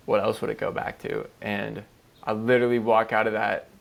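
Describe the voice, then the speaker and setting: A man's voice: fairly low pitch, flat delivery, moderate pace, gravelly. A man co-hosting a podcast in casual chat, talking loosely with lots of swearing and "like" fillers. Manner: loose, profane, heavy "like" fillers. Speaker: podcast co-host.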